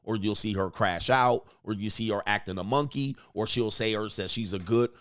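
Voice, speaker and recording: A man's voice: on the low side, moderate pace, fairly bright tone. A man hosting a casual reaction commentary, crude and joking, often mimicking other people's voices. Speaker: commentary show host.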